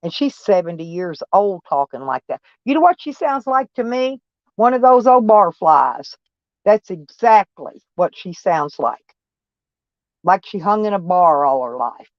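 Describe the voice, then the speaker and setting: A woman's voice: lowish voice, big pitch swings, a little slow, no room sound, lo-fi sound. A woman chatting casually on a live stream, folksy and blunt, answering viewers' comments by name and swearing mildly. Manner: blunt, peppered with mild cursing.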